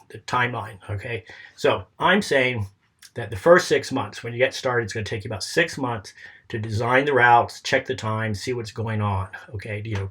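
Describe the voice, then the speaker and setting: Husky man casually coaching. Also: medium pitch, fairly bright tone. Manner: rambling and informal, often checks in with "okay?" and "all right?"; coaching, advice-giving tone. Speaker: presenter explaining a business plan. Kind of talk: casual walkthrough of a plan.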